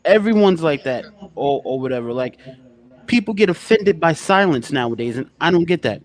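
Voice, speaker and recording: A man in casual podcast talk, animated and swearing, who acts out other people's lines and repeats words as he speeds up. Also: on the high side, normal speed.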